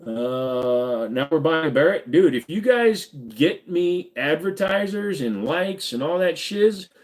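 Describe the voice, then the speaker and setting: A man's voice: sits high, expressive, unhurried. A man hosting a live stream, chatting casually with viewers in a rambling, joking and profane way.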